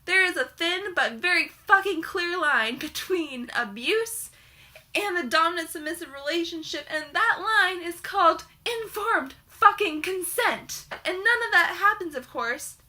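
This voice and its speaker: A woman's voice: very high-pitched, lively intonation, measured pace, sharp tone. A young woman reviewing a book in a heated, sarcastic rant, swearing constantly.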